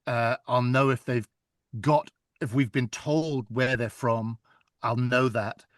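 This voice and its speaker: A man's voice: medium pitch, takes it slowly, no echo. Chatty man, dry close sound. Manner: chatty, animated storytelling with laughs. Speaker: audiobook narrator, guest. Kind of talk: casual interview chat.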